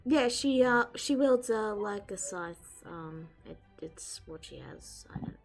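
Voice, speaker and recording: A woman's voice: medium pitch, lively intonation, takes it slowly, gravelly, faint music behind. A woman narrating a tabletop game as game master, hesitant and full of fillers.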